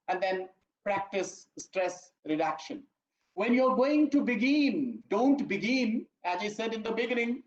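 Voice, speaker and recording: Lecturer, emphatic and repetitive, roomy echo, dull muffled audio. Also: medium pitch. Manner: emphatic, repeats key phrases, often says "my dear friends". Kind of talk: online training lecture. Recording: echoey room, dull lo-fi audio.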